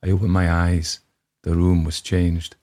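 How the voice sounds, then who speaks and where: A man's voice: low-pitched, little pitch movement, unhurried, mellow. A man reading a ghost story aloud as a grave first-person narrator, putting on a Scottish accent. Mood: sombre. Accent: put-on Scottish. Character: brooding Scottish man telling his tale.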